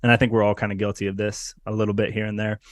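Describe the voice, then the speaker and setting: A man's voice: on the low side, monotone, rapid-fire, dry recording. A man hosting a casual podcast interview, talking conversationally and asking follow-up questions, often rephrasing himself. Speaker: podcast host.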